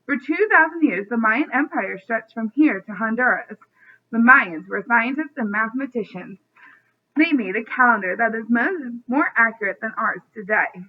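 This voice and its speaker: Lady reading an eager kid guide explaining stuff, highish, tinny phone line. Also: animated, moderate pace. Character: friendly local boy guide, eager.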